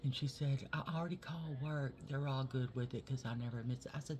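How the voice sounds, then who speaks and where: A man chatting casually to his viewers while doing his makeup. He swears freely and drops into soft whispers as he works. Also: mid-range voice, fast, few pauses. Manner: chatty and profane, talks straight to viewers. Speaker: makeup vlogger. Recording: steady background noise.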